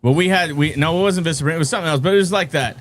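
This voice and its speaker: A man's voice: a little high, racing. A man in his forties chiming in, joking along. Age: 40s. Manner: chimes in with short agreeing replies and jokes. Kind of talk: casual chat.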